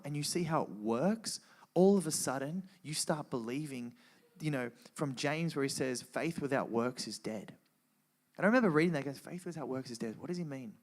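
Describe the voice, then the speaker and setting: A man telling an emotional personal testimony to a live audience, earnest and animated, with frequent restarts. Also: on the high side. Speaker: guest speaker sharing testimony.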